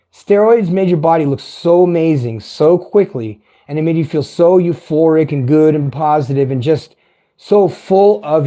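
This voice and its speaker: A man in his fifties with a light tenor voice that is not deep, talking in a meandering, chatty vlog monologue that is peppered with profanity and self-corrections. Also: mellow. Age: 50s. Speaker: vlogger. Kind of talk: casual rambling monologue.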